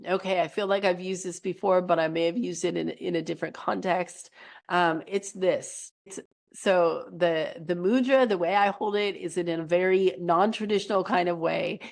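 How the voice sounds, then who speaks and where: A woman's voice: fairly low pitch, fairly even intonation, moderate pace, creaky. A woman coach giving a monthly energy reading in an earnest, reassuring way, her voice worn from a recent cold. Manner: earnest, reassuring, repeats phrases.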